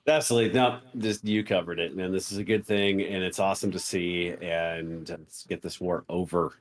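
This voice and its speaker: A man co-hosting a casual talk show, relaxed and agreeable. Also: low voice, moderate pace. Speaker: podcast co-host. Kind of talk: casual chat.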